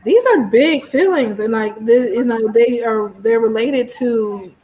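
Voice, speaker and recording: A woman's voice: on the high side, measured pace, low-quality recording. A woman from Missouri with a Missouri accent, talking animatedly and emphatically in a casual book club discussion. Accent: Missouri American. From Missouri, USA. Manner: animated and emphatic, laughs at her own points.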